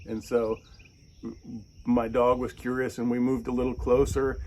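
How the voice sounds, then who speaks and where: A man, the channel's host, telling a casual story, animated and acting out the people he quotes in raised voices. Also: medium pitch, normal speed, slight background noise.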